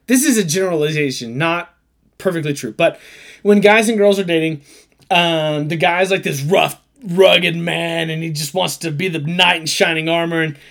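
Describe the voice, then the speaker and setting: A man in his thirties with a slightly raised voice, co-hosting a relaxed podcast chat. He talks animatedly and jumps into quick impressions of family members as he tells stories. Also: a little high, gravelly. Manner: animated storyteller who acts out quotes. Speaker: podcast co-host. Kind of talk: casual chat.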